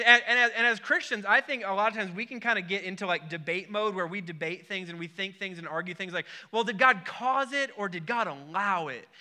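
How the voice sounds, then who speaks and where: A young adult man preaching a sermon, opening with an animated, self-deprecating story. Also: high voice. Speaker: pastor.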